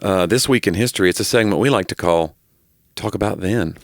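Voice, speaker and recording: A man co-hosting a podcast in casual chat, joking and now and then jumping into silly high quoted voices. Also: fairly quick. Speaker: podcast co-host.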